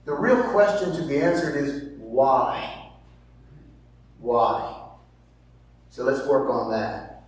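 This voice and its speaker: A male pastor delivers a sermon in a fairly high voice, leaning hard on key words and then dropping to near-whispers. He poses rhetorical questions as he reads scripture. He sounds distant from the microphone, in a hall with heavy, lingering echo. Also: very animated, moderate pace. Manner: emphatic, swings between loud stresses and hushed asides. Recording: very echoey hall from far off.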